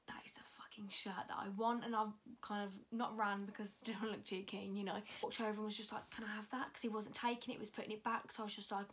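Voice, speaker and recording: A young woman chatting casually through a fashion haul, talking freely and swearing often. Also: medium pitch. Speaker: fashion vlogger.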